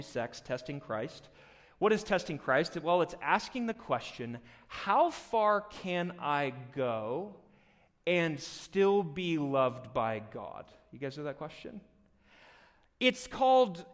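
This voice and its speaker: A man preaching a live sermon as pastor, joking and animated, swinging from loud emphasis to hushed near-whispers. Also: a little high. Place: church hall. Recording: long hall reverb.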